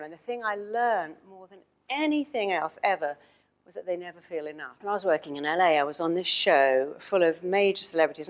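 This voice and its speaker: Lower-voiced English woman speaker. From England. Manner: animated storyteller acting out dialogue. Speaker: motivational speaker. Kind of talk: storytelling keynote talk. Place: stage before an audience.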